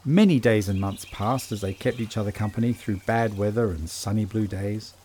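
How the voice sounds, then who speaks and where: A man narrating a children's story in a gentle, measured storytelling voice. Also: lowish voice, slight background noise.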